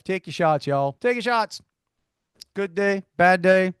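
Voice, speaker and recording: A man from co-hosts a casual podcast in a high, animated voice that swings all over. He talks like a preacher giving a pep talk, full of "y'all," and sounds close and dry on the mic. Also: unhurried, clear, resonant tone, dry recording. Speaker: co-host.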